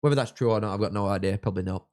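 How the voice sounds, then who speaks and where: A young man from England, hosting a live football watchalong and chatting with viewers, reacting loudly to goals. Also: lowish voice, racing. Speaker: livestream host.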